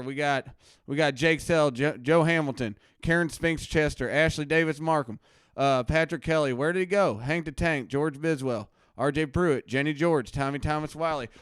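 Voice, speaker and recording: A man playing a blustering, paranoid male anti-drug crusader doctor who hosts a live stream from his basement, ranting between mutters and shouts. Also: a little high, clear, resonant tone, dry recording, clean studio sound, close to an everyday voice. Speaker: comedy show host. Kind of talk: satirical character live stream. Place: home basement.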